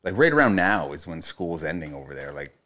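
A man's voice: a bass voice, sing-song, brisk, fairly bright tone. A Canadian man in his thirties, a podcast guest telling laid-back stories in casual chat, with some casual swearing. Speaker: podcast guest, chef and teacher.

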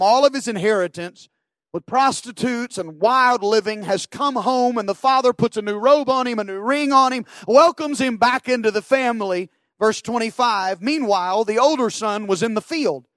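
A man's voice: high-pitched, no echo, rough recording. A man preaching a sermon, earnest, often repeating his words as he presses a point, and reading scripture aloud.

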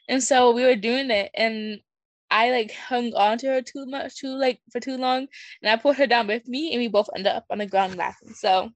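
A teenage girl tells a school story in a loose, rambling way, leaning on fillers. Her voice is a little high, and the recording is dry and close. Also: dry recording. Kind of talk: casual storytelling.

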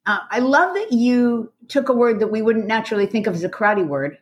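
A woman who teaches karate, hosting a casual group conversation on a podcast, enthusiastic and quick to laugh. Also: fairly high pitch, expressive. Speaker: karate instructor and podcast host.

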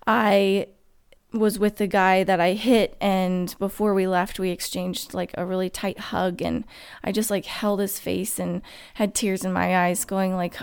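A woman's voice: fairly low pitch, steady tone, gravelly, smooth. Emotional woman retelling a hard experience. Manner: emotional, halting, many restarts and fillers. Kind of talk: personal storytelling to camera.

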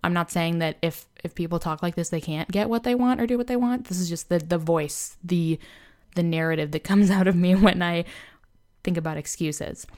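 A woman's voice: lowish voice, moderate pace, a little mellow. A young woman hosting a casual motivational podcast, talking candidly and loosely with lots of "like" and "you know". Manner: candid and self-deprecating. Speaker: podcast host.

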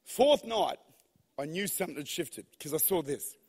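A man preaching a sermon in a large church hall, telling stories in a lively, animated way that swings from hushed to shouting. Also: on the high side, normal speed, breathy edge. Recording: long hall reverb.

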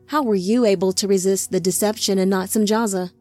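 A woman's voice: mid-range voice, steady tone, brisk, warm tone, soft background music, close to an everyday voice. A woman voicing a stern, curt male angelic captain who gives orders.

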